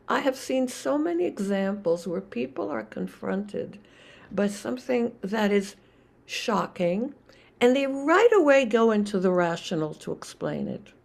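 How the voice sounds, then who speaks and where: An older woman, a Zen teacher, giving a reflective dharma talk with many pauses and restarts. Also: on the high side, creaky, a little mellow.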